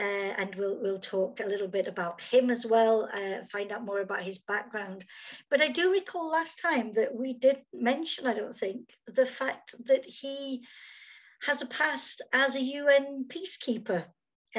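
A woman's voice: on the high side, lo-fi sound. Chatty woman hosting a video interview. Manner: chatty with many fillers. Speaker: host. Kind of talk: casual interview. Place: outdoors in summer.

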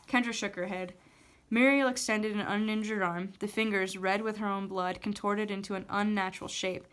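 A woman teacher reading a novel chapter aloud with steady storytelling. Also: mid-range voice.

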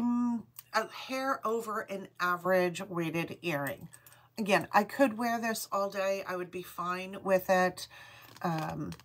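Slow-talking Rhode Island woman. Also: mid-range voice, a bit bright. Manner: reads item numbers slowly and repeats them, greets viewers by name. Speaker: host of a live jewelry sale. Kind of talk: live-stream sales chat.

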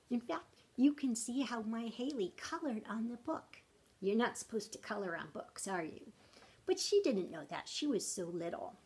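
A woman in her thirties or forties reading a picture book aloud to children, speaking gently and stopping often to ask them questions. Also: mid-range voice, breathy edge. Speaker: storytime reader.

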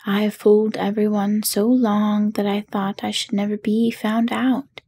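A woman's voice: medium pitch, level tone, measured pace, mellow, breathy edge. A woman voicing a timid little old man who poses as a wizard, meek and trembling, in whispered role-play.

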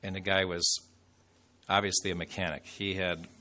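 A man's voice: sits low, level tone, normal speed, sharp tone. A man preaching a sermon as a bishop, telling a story in a loose, conversational way with fillers and asides.

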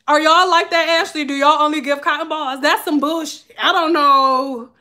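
A young woman with a high, bright voice tells a story straight to camera. She is animated and profane and laughs through it. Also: moderate pace. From Detroit. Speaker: vlogger. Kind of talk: casual storytelling.

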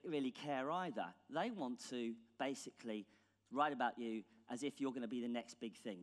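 British male keynote speaker, ironic and blunt, mid-pitched, long hall reverb. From England. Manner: ironic, blunt, casual with swearing. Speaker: conference speaker. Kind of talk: conference keynote talk. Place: large conference hall stage.

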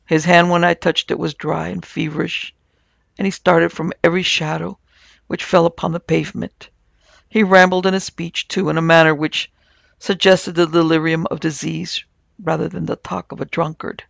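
A man narrating a supernatural tale in a measured, scripted storytelling manner. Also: on the high side, little pitch movement, creaky, fairly bright tone, dry recording. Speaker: narrator and producer.

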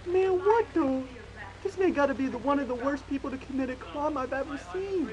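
A young man hosting a reaction video from a small room at home, loud and excitable, full of slang. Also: very high voice, fairly quick, crowd noise. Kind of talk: casual reaction commentary.

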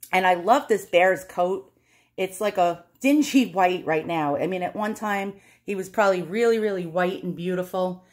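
A woman's voice: fairly low pitch, darkish tone. A woman in her forties chatting casually as she shows items from her collection, laughing often and poking fun at herself. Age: 40s. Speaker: collector vlogger. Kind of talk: casual show-and-tell vlog.

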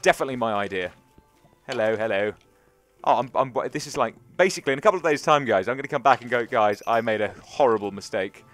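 A man's voice: mid-range voice, quick pace, fairly bright tone, soft background music. A young man hosting a gaming channel, chatting and rambling through a let's play commentary to his viewers and to the creatures in the game.

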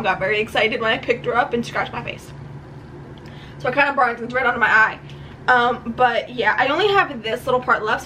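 A woman's voice: on the high side, bright, forceful tone, a little hiss or hum, poor audio. A young woman from New chatting casually in a book vlog at home, rambling and gushing with frequent laughs. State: tearful. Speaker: book vlogger. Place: home room.

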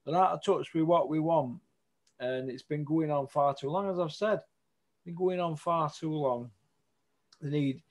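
A man hosting a show, giving a blunt, sweary opinion rant with loud outbursts. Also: a little high. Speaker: host.

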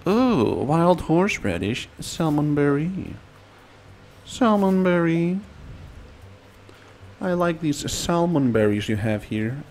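A man's voice: fairly high pitch, big pitch swings, measured pace, few pauses, darkish tone, a little hiss or hum. A man giving casual, rambling commentary while he plays a game, playful and given to sing-song repeats. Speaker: let's play gamer.

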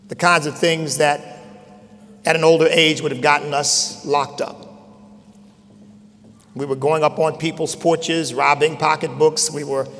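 A man's voice: fairly high pitch, gravelly, a bit bright, a little hiss or hum. Older man preaching in a big hall. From Chester, Pennsylvania. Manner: storytelling, rising to emphatic peaks. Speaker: bishop preaching. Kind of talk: sermon testimony. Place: large conference hall. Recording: long hall reverb.

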